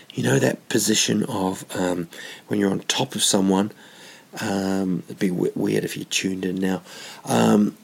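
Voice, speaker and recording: A man's voice: fairly low pitch, gravelly, darkish tone, slightly rough. A middle-aged comedian hosting his podcast alone, telling meandering, self-mocking stories that drift into tangents. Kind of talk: rambling comic storytelling monologue.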